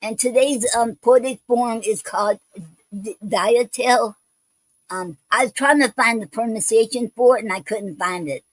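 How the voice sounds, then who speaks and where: A woman's voice: fairly high pitch, moderate pace, no echo, poor audio. A woman hosting a poetry show, reading poems and explaining a poetic form in a hesitant way, with many ums and restarts.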